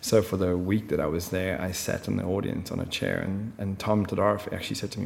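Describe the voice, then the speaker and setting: A man's voice: low voice, flat delivery, fast talker, creaky, hardly any pauses, in a large hall, slight background noise. A man talking as a film director in an interview, chatty and full of fillers. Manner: chatty storyteller, many fillers. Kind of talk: conversational interview.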